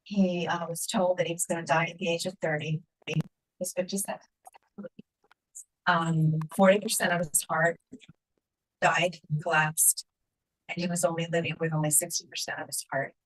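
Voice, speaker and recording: A woman's voice: fairly low pitch, little pitch movement, normal speed. Heartfelt woman telling a testimony. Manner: candid, heartfelt, close to tears at times. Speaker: conference speaker. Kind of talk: personal testimony storytelling. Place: large conference hall. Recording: echoey hall.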